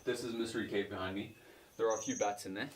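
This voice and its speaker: A man's voice: fairly low pitch, fairly even intonation, fast, slight background noise, lightly acted, poor audio. An actor playing an earnest young man who films a caving diary, talking casually to camera with lots of hesitant fillers. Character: earnest young male caver vlogging his dig. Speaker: caver filming a video diary. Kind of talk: casual vlog talk to camera. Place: outdoors at night by a cave.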